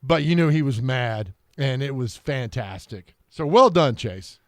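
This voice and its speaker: A man's voice: medium pitch, lively intonation, measured pace, no echo. A man co-hosting sports talk radio, rambling and telling stories with many restarts.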